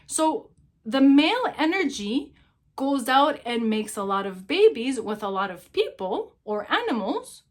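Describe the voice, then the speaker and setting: A middle-aged woman giving a casual motivational talk about love and dating, telling stories with lively emphasis and repeating points for effect. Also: high voice, measured pace. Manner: animated storyteller, acts out quoted voices, emphatic repetition. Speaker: relationship speaker.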